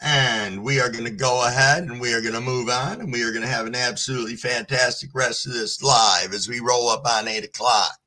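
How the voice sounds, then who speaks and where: A man's voice: mid-range voice, fairly even intonation, fairly quick, hardly any pauses, sharp tone. A man hosting a casual live stream, talking in a laid-back, profane and apologetic way. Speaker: livestream host. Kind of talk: casual livestream chat.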